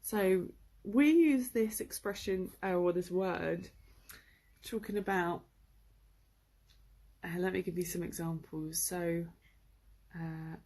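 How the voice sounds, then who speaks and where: A woman's voice: on the low side, takes it slowly. A woman giving a casual, chatty lesson, with lots of fillers. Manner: chatty, relaxed, full of fillers. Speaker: English teacher. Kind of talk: casual live-streamed lesson.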